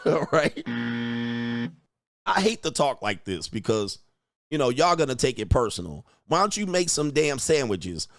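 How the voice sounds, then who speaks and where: Dude coach ranting on stream, cussing and mocking, dry mic. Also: male voice, mid-range voice, sing-song, unhurried, long pauses, fairly bright tone, no room sound. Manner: profane, mocking, emphatic rant; laughs at own jokes. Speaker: host, relationship coach. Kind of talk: livestream commentary rant.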